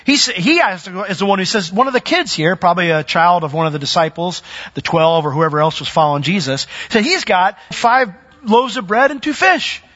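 A man preaching a sermon in a bright, husky voice that rises high when he acts out the people in his story. He preaches in an animated way. The recording sounds dull and lo-fi. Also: brisk, in a large hall.

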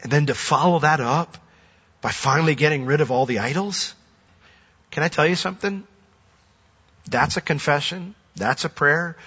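A pastor preaching a sermon, lively and animated, often acting out voices. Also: male voice, fairly high pitch, moderate pace, long pauses, breathy edge. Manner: animated, acts out quoted voices. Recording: dull recording with long hall reverb.

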